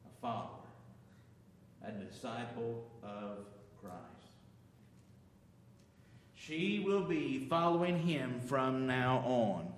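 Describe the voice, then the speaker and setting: A man preaching a sermon as pastor, swinging between loud emphasis and quiet asides. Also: mid-range voice, sing-song, slow, pauses often, slight background noise. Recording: echoey hall reverb.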